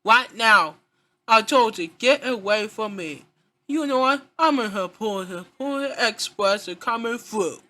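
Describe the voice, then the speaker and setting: A performer voicing an angry, shouting character named Kiki in an amateur fan drama, with a halting delivery. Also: mid-range voice. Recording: guitar music playing behind.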